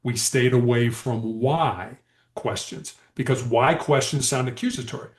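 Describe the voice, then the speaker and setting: A man's voice: medium pitch, a little slow. A man guest on a podcast, telling stories in a conversational way and acting out quoted dialogue with animation. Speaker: podcast guest, former hostage negotiator. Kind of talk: conversational storytelling. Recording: echoey room.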